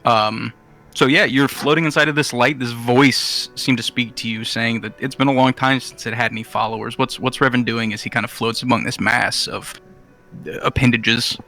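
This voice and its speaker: A man narrating a tabletop game as game master, slowly painting scenes, with frequent "um"s. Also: mid-range voice, fairly even intonation, pushed and bright, soft background music. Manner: descriptive, slowing down for vivid scenery, with frequent "um"s.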